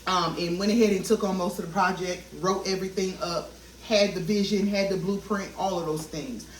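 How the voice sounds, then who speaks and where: A woman's voice: lowish voice, fairly even intonation, a little fast, a little hiss or hum. A woman in her thirties talks earnestly to her viewers while she cooks at home. Her speech is heartfelt and testifying, and she keeps calling them y'all. She sounds like she is standing back from the mic, with the room's echo and faint frying sizzle around her. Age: 30s. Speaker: vlogger. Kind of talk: casual talk while cooking. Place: home kitchen. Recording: echoey kitchen, mic at a distance, cooking sizzle. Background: frying and sizzling food.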